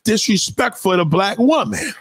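A man's voice: high voice, animated, normal speed, very noisy. A man playing a brash New woman near sixty. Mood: boastful. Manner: loud, boastful, rambling and profane, ranting at the viewer. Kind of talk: comic character monologue.

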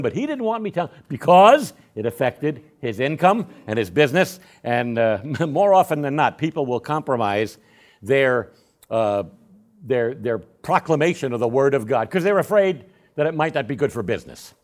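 Older man, folksy church storyteller, lively pitch, lots of restarts. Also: normal speed. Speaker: Sunday school speaker. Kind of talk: storytelling testimony in a church class.

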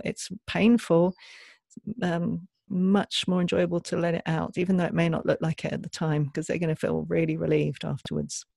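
A woman speaking as a parenting educator on a podcast, gentle and earnest, sometimes modelling soft, loving phrases. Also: low-pitched, gravelly, no room sound, studio quality. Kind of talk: reflective podcast conversation.

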